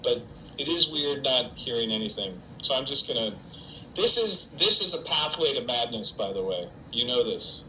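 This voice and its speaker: With a medium pitch, animated delivery and a sharp tone, the middle-aged actor talks at normal speed on a solo livestream from home during quarantine. He jokes about himself while fielding fans' typed questions for an unseen audience. The audio is poor, with slight background noise.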